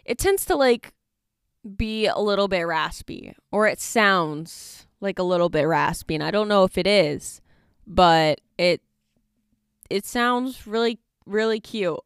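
A woman in her twenties hosts a casual solo podcast from a dorm study room, chatting and rambling with plenty of fillers. Her mid-range voice is expressive and measured, with a clean, echo-free, studio-quality sound.

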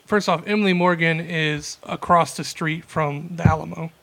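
A young man tells a slow, rambling story to his co-hosts. His voice sits a little high for a man and has a gravelly fry running through it. He talks in a loose, casual way with plenty of fillers. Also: fairly even intonation, fairly bright tone. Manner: rambling, laid-back storytelling with many fillers. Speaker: podcast co-host.

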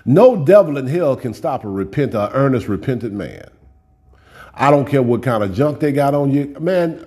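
A man's voice: mid-range voice, lively intonation, moderate pace, dark tone, slightly rough. A man preaching a sermon in a folksy, direct way, often repeating words as he builds up a point.

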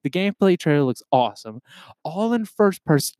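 Young male podcast host, solo rant: excitable, profane, bursts loud, dry close sound. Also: a little high, a little fast, no room sound.

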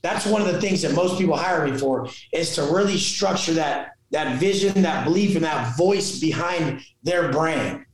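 A man who is a fitness and motivational coach, talking as a podcast guest in an intense, forceful way, swearing constantly and acting out the people he quotes. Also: fairly high pitch, normal speed, hardly any pauses. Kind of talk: intense profane motivational talk. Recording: very echoey room.

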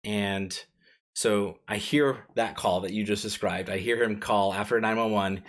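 A man's voice: fairly low pitch, fairly even intonation, unhurried, fairly bright tone. A man co-hosting a podcast, telling a personal story casually, full of fillers and chuckles. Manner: rambling, filler-heavy, laughs while telling. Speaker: podcast co-host.

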